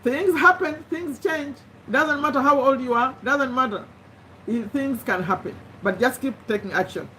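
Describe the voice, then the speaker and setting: A woman's voice: high voice, moderate pace, pushed and bright, slight background noise. A woman hosting a motivational live stream, speaking in an earnest, encouraging way, repeating phrases and often restarting sentences.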